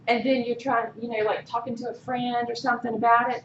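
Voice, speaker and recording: A college instructor with a voice on the high side lectures her class at a moderate pace, animated, asking students questions and often checking in with "okay?". The room is echoey, her voice is distant and muffled, and there's slight background noise.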